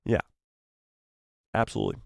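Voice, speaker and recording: A young man hosting a casual live stream, reading viewer messages aloud in an animated, playful way and sometimes stumbling over the words. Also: moderate pace, no echo, clean studio sound.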